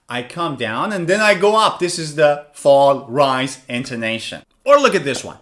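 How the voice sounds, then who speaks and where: Lively man teaching English intonation. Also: a little high. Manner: slow, exaggerated demonstration of stress and intonation. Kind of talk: lesson narration with spoken examples.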